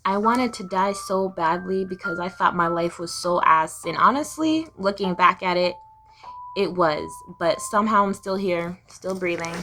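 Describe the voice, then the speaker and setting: A woman's voice: on the low side, normal speed. A young woman speaking candidly in a personal confessional vlog, raw and profane, firing off heated rhetorical questions. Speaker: vlogger. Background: music.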